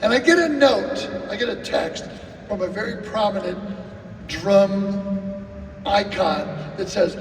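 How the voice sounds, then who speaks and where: A man, a drummer at a live clinic, telling animated stories and acting out the people in them, recorded from a distance in an echoing hall. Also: high voice, slow pace, slight background noise. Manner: animated, acts out quotes and sings drum cues. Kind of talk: live anecdotal storytelling. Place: live event venue. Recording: roomy hall, distant mic, faint music.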